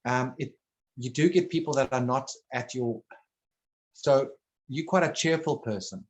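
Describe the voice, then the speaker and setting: A man holding a casual one-on-one conversation, his thoughts coming out in halting, rambling pieces. He restarts sentences often and drops in blunt swearing. His voice sits at an ordinary middle pitch.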